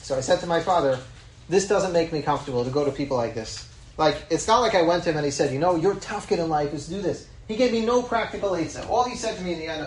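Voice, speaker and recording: A man's voice: fairly high pitch, quick pace, echoey room, a little hiss or hum, rough recording. A middle-aged man, a rabbi, giving a Torah class in a conversational storytelling manner, mixing in Hebrew terms. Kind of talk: Torah lecture with personal storytelling.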